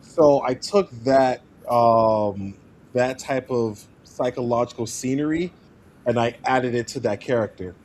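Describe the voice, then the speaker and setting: A man of average pitch speaking as an actor guest in a relaxed podcast chat. He talks in an animated way and often laughs mid-sentence. A faint hiss sits under the recording. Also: measured pace. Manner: animated, laughs while talking. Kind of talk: casual podcast interview.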